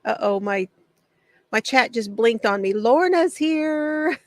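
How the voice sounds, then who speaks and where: A woman's voice: fairly high pitch, lively intonation, slow, dry recording. A woman hosting a casual craft livestream from her home shed, greeting viewers by name, chatty and often laughing.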